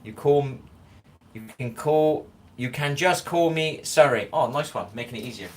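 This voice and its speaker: A man's voice: medium pitch, normal speed. A tired man with a West Country accent, rambling casually on a livestream and reading viewers' names from the chat, recorded on a phone at home. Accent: West Country English. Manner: rambling, chatty, reads chat names aloud. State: tired after little sleep. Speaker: livestream host.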